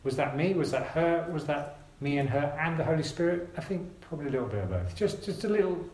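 A man preaching a sermon to his congregation, earnest and gentle, urging his listeners with repeated phrases. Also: a little high, lively intonation, quick pace, roomy sound, low-quality recording.

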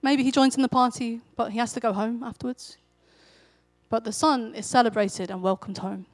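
A woman with a fairly high voice preaches a sermon in an easy, conversational way. She tells the story as if chatting, and her voice lifts with energy when she acts out a character's lines. The sound is dry and close. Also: fairly even intonation, normal speed, dry recording.

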